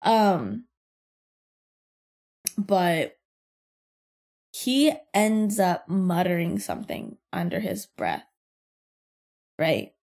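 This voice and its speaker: A young woman podcast host telling a workplace story in casual chat, animated and profane, with lots of fillers and frequent laughter. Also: lowish voice, extremely slow, long pauses. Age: young adult.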